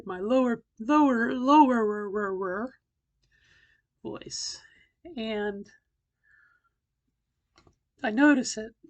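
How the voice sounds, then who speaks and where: A middle-aged woman doing voice training records a relaxed personal video diary, thinking aloud slowly and haltingly. Her middling-pitched voice has a slightly tight throat, and she pauses frequently.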